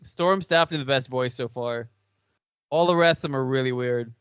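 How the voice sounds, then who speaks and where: A man's voice: mid-range voice, a little fast, a bit bright, clean tone, no room sound, dull audio. A man co-hosting a podcast in casual chat, joking, swearing freely and laughing often. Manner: profane, jokey, laughs often. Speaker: podcast co-host.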